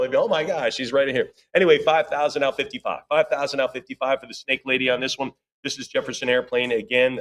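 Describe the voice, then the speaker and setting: Guy auctioneer rattling off bids super fast, middle pitch, chatty asides. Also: fairly bright tone. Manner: rapid bid calling with chatty asides. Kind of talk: live auction calling. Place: auction room.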